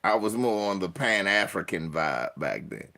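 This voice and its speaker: A man's voice: low voice, moderate pace. A man in his forties telling profane stories in casual chat, laughing often and acting out the people he quotes. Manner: profane, laughs often, animated story voices. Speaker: podcast host telling stories.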